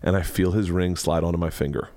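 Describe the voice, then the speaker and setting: Man podcast host, fairly low voice, loud animated storyteller, dry studio sound. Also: quick pace, dry recording. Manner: loud, excitable, acts out quotes, swears a lot. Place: home studio, man cave.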